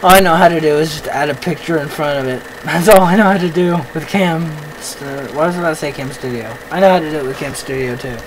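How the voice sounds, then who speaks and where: A man hosting a let's-play, giving excitable commentary, often yelping at the game, with self-mocking rambling asides. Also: on the high side, fast talker, hardly any pauses, slight background noise, poor audio. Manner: excitable, yelps and shouts at the game. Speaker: gaming channel host.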